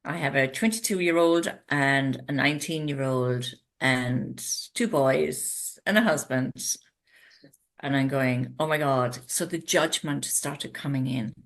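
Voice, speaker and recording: Low-voiced Irish woman telling stories. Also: takes it slowly, creaky. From Ireland. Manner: animated storyteller who acts out her own past thoughts. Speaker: interview guest, retreat owner. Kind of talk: casual conversational interview.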